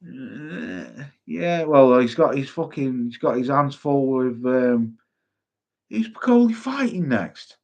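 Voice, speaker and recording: A man hosting a casual boxing chat stream, sweary and quick to laugh while reading out viewer comments. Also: mid-range voice, expressive, darkish tone, muffled recording. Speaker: boxing livestream host.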